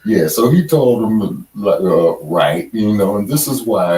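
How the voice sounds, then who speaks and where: Deep-voiced guy co-hosting a podcast, slow and laid-back, sounds far off the mic in a roomy space. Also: lively intonation, mellow, a little hiss or hum. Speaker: podcast co-host. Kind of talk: casual chat.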